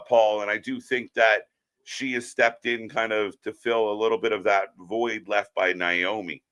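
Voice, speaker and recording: Male live-stream host, bright, forceful tone, loose profane rambling banter. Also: mid-range voice. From outside Ireland, Scotland and Britain. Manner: rambling, profane, jokey, reads chat aloud. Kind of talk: casual live stream chat reacting to wrestling and chat comments.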